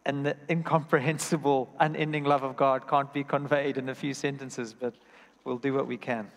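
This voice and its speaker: Earnest preacher in a reverberant hall. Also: male voice, medium pitch, level tone, moderate pace. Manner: earnest, personal storytelling with repeated phrases. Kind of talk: sermon. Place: church hall.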